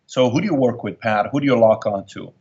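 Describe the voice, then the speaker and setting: A man's voice: medium pitch, brisk, warm tone, dull audio. A middle-aged man, an entrepreneur guest, telling his life story in an emphatic, repetitive way that turns emotional. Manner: emphatic, repeats lines for effect, emotional storyteller. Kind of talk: candid storytelling interview.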